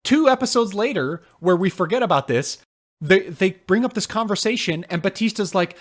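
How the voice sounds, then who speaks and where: A man co-hosting a podcast, chatting casually and ranting with swearing and sudden jumps in pitch. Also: moderate pace. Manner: animated, profane ranting with big pitch jumps. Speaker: podcast co-host. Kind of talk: casual podcast review chat.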